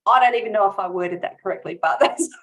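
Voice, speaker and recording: A woman business coach chats warmly in an interview, speaking earnestly and from the heart. She often breaks into small laughs and restarts her sentences as she talks. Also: mid-range voice, fast talker, rough recording. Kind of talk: casual interview chat.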